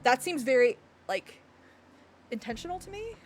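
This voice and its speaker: A woman streaming, chatting excitedly and rambling, with frequent laughs and apologies. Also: sits high, normal speed. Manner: gestures and hits the desk when excited. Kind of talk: excited livestream chat reacting to a game. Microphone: desk mic picking up thumps.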